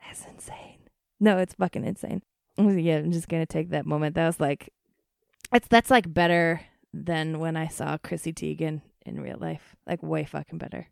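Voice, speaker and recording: A woman hosting a podcast in casual chat, gushing and excitable, swearing freely and full of fillers. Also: low-pitched, normal speed, gravelly, no room sound, studio quality.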